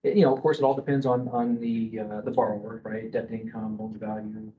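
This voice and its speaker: A man's voice: lowish voice, flat delivery, fairly quick, narrow, tinny audio. A middle-aged man working as a mortgage broker, talking loosely to a group with lots of fillers and restarts and tagging sentences with "okay?". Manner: rambling with many fillers and restarts, checking in with "okay?"; loud speaking voice. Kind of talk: casual presentation to a group.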